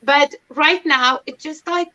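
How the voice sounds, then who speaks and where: High, bright woman chatting on a stream. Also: takes it slowly. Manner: chatty, self-mocking, laughs often. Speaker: livestream host. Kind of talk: casual chat. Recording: dull lo-fi stream audio.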